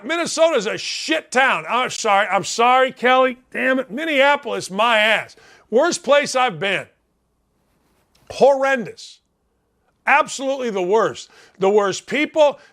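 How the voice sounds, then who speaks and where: High-pitched fifty-something guy ranting on a sports show, blunt, yells his points over and over. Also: expressive, unhurried. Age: 50s. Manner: blunt, combative ranting, repeats his points and breaks into shouts. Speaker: sports talk show host. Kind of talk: sports talk radio rant.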